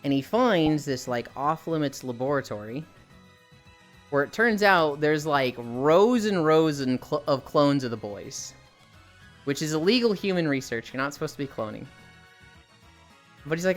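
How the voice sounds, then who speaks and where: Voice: mid-range voice, animated, moderate pace, faint music behind. A streamer chatting casually and rambling on a live stream while walking, swearing freely as they talk.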